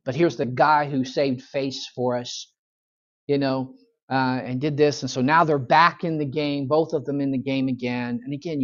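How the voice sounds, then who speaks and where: A man's voice: medium pitch, darkish tone. Man, pastor, Bible study teaching, folksy conversational storytelling, church, dull lo-fi recording.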